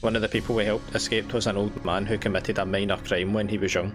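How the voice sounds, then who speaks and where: A weary, long-tormented game character, as a man reads the lines aloud in a low voice. The delivery is earnest and tired. Faint music plays underneath. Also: little pitch movement, quick pace, lightly acted. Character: exhausted freed prisoner, tormented and hopeful.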